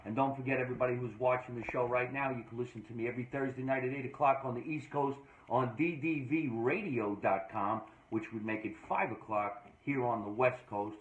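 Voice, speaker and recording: A man from New Jersey hosting a casual podcast chat, energetic and joking with emphatic delivery. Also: mid-range voice. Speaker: podcast host. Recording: echoey room, dull lo-fi sound.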